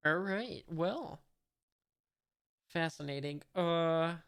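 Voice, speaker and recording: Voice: medium pitch, extremely slow, a bit bright, clear, resonant tone. A reader going through a comic chapter in a casual, hesitant way, reading the dialogue aloud without doing voices, with many fillers and wry, puzzled asides. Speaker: manga reader and commentator.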